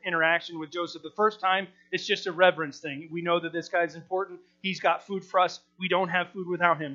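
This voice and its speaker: A man with a high, bright, forceful voice explains a scripture passage verse by verse. He talks casually, trips over his own starts, and slips into the voices of the people he quotes. The recording sounds dull and lo-fi. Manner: conversational, with frequent restarts, acts out the quoted people. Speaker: Bible teacher. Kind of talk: verse-by-verse Bible teaching.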